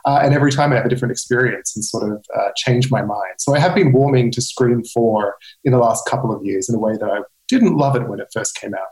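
A man's voice: mid-range voice, fast talker, few pauses, a little mellow. Male guest, conversational and opinionated, recorded in an echoey room. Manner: chatty, opinionated, with fillers. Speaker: guest film editor. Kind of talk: casual podcast chat.

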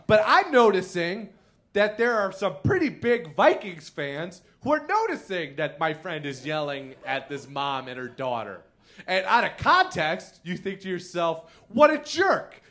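A man's voice: high voice, sing-song, moderate pace. A man from the Chicago area telling comic stories as a podcast guest, laughing often and running self-deprecating. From Chicago area, Illinois. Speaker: comedian guest. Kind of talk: live podcast storytelling. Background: loud noises from a neighboring bowling alley.

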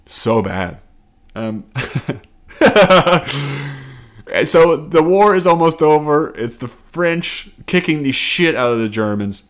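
A man hosting a casual solo comedy podcast, rambling and profane, self-deprecating, and laughing often. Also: medium pitch. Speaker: podcast host.

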